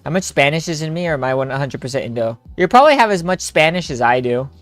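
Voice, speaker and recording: A man's voice: on the high side, lively intonation, fast, fairly bright tone, no echo. A young man streaming a story game with friends, joking, laughing and rambling in casual chat. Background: faint game music.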